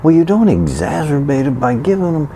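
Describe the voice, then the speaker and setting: A man rants in a loose, conversational monologue, sarcastic and indignant as he mocks the other side with gasps and sighs. His voice leaps up and down through a lively range, with a mellow, darker tone. He hammers points home by repeating short phrases. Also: on the high side, fairly quick, a little hiss or hum. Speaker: commentator. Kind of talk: political opinion rant monologue.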